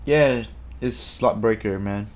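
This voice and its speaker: A man chatting casually on a live stream, reading out viewer comments in an excitable, talkative way. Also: lowish voice, slow.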